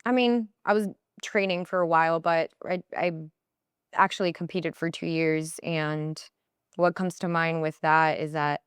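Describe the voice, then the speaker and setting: Woman, podcast guest, lowish voice, smooth and clear, playful quoting voices, dry close sound. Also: unhurried, no echo. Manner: animated, quotes herself and others in high playful voices. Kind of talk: conversational interview storytelling.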